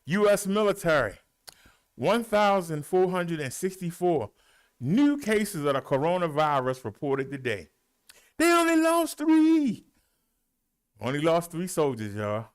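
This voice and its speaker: A middle-aged man and show host, out of breath, reading out the day's figures in a folksy, animated way. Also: fairly high pitch, a little slow, clean tone. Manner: animated, rolls his R's, folksy drawl. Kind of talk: casual livestream talk, reading daily stats.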